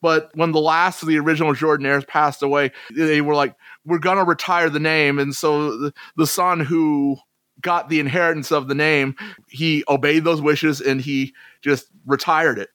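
A man's voice: fairly high pitch, steady tone, normal speed, fairly bright tone, dry recording. A man co-hosting a podcast, chatting casually about old chart songs with asides. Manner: chatty, conversational, trails into asides. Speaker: podcast co-host.

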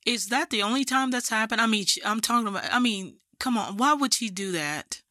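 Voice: mid-range voice, fairly quick, pushed and bright, studio quality. A host conducting a casual interview, reacting to and echoing the guest's words.

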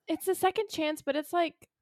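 Her voice is very high-pitched and her pace measured, captured in clean studio sound with no echo. This young woman co-hosting a podcast spins an invented story casually, her rambling peppered with "like" and "okay."

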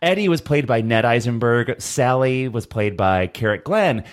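A man's voice: medium pitch, expressive, normal speed. A man co-hosting a casual horror podcast, reading out film details with joking asides. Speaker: podcast co-host. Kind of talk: casual chat.

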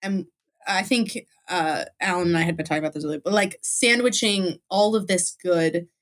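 A woman's voice: fairly low pitch, moderate pace. A woman co-hosting a casual book discussion podcast, gushing and emphatic, laughing often. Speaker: podcast co-host.

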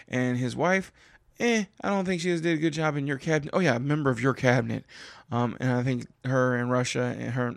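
Gravelly man ranting, dry close sound. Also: no room sound. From Kentucky. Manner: animated and exasperated, jumps high in pitch for emphasis. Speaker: political commentary show host. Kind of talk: casual solo political rant.

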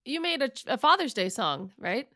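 A woman hosting a chatty interview, with a bright, forceful voice that sits a little higher than most. Her pitch swings widely as she talks. The sound is dry and close. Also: normal speed, no room sound. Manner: friendly, lively questions, laughs along. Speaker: podcast host. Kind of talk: casual interview chat.

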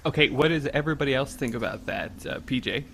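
A man running a tabletop game as game master, guiding the players in a relaxed way. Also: medium pitch, quick pace, gravelly, a little hiss or hum.

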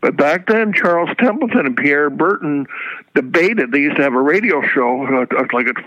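Older man telling music-industry stories, brisk. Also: on the high side, no room sound. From Canada. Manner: animated storyteller, repeats words. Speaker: guest, music journalist. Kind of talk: anecdotal interview talk. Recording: dull lo-fi sound.

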